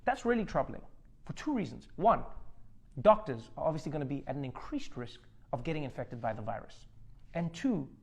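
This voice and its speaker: Comedy news host: a man with a slightly high voice, sarcastic punchlines. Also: very animated, fairly quick, vocal fry, slightly rough. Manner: joking, sarcastic delivery with acted-out bits. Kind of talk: satirical news monologue.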